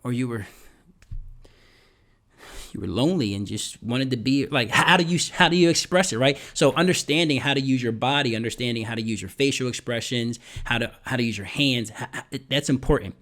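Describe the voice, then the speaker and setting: A man hosting a motivational podcast, talking energetically and often checking in with "right?". He sometimes drops to a whisper and then booms to make a point. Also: brisk. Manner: animated, repeats points and asks "right?". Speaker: podcast host.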